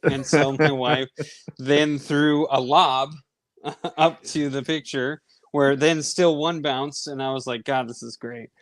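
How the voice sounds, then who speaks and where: A man's voice: fairly high pitch, slow pace, no room sound. A man in his thirties, hosting a sports podcast and telling a long casual story with lots of fillers. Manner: rambling, animated anecdote with many fillers. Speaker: podcast host.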